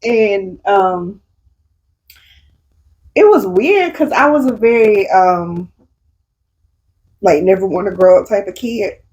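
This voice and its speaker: A woman's voice: mid-range voice, slow, pauses often, low-quality recording. A woman co-hosting a casual chat, telling stories with acted-out quotes, laughing often. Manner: animated storytelling, acting out quotes, laughs often. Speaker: podcast co-host.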